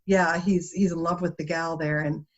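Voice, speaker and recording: Female guest, animated storyteller, lower-pitched, lo-fi interview recording. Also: normal speed. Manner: animated storytelling, laughs often. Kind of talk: conversational interview. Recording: dull lo-fi interview audio.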